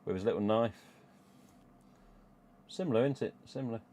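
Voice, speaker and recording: A middle-aged English livestream host with a Midlands accent chats casually, rambling and swearing freely as he goes. His voice is mid-range and warm, at a moderate pace.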